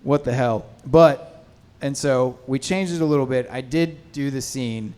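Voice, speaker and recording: A man's voice: medium pitch, a little slow, darkish tone, clear, resonant tone. A man on a film panel, telling a rambling casual story about stepping in as an actor. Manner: rambling, many fillers and restarts.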